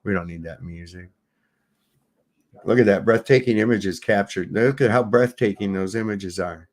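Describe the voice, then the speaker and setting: A man's voice: on the low side, moderate pace, crowd noise. Sarcastic, cursing male video commentator. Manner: sarcastic, swearing, rambling. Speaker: host.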